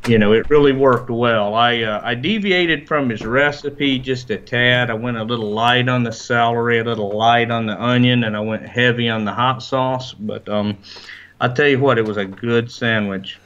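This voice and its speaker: A man's voice: mid-range voice, moderate pace, fairly bright tone, clear, resonant tone, dull audio. A man with a Southern US accent, an easygoing regular guest on a podcast, talking casually with many fillers.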